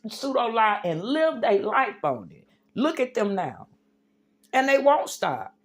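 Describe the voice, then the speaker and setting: A woman's voice: fairly high pitch, very animated, unhurried. A woman livestreaming an impassioned religious rant, preachy and emphatic, calling her viewers y'all and baby.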